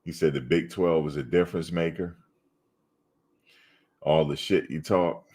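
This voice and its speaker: A man's voice: very deep voice, fairly even intonation, unhurried, darkish tone, breathy edge. A man hosting a casual fan livestream, chatting loosely and teasing commenters. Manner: laid-back, teasing chat commenters. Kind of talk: casual chat reading live comments.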